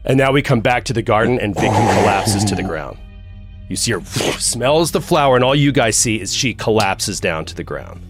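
Low-voiced man as game master. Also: animated, moderate pace, over music. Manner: second-person scene narration, dropping low for grim moments. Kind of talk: narrating a tabletop horror game.

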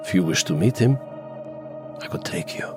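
A man's voice: low-pitched, animated, moderate pace. Guy voicing a creepy stiff tailor dude, super formal, music in the back. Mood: eerie. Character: eerie formal male dressmaker shopkeeper, unsettling.

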